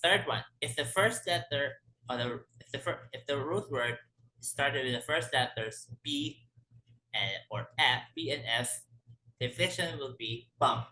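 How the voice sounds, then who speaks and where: A man's voice: medium pitch, sing-song, pushed and bright, roomy sound, slight background noise, low-quality recording. A man teaching a language lesson, explaining word by word with frequent restarts and self-corrections. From Philippines. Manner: halting, corrects himself often.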